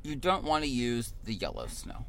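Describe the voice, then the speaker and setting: A man co-hosting a casual chat, telling stories in an animated way and acting out the people he quotes. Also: medium pitch, moderate pace, slight background noise. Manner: animated storyteller who acts out the people he quotes. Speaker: co-host.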